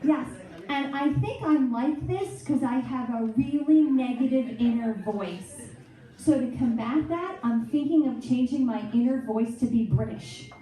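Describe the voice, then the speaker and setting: A woman's voice: high voice, lively intonation, unhurried. A woman performing a chatty, self-mocking stand-up comedy set on a club stage. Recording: echoey club audio from far off, loud crowd. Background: audience laughter.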